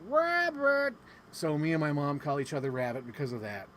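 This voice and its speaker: A man telling a casual vlog story, animated and excitable, swearing freely and acting out what people said. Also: fast, slight background noise. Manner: animated, swears freely, acts out quotes with big pitch jumps. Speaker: vlogger.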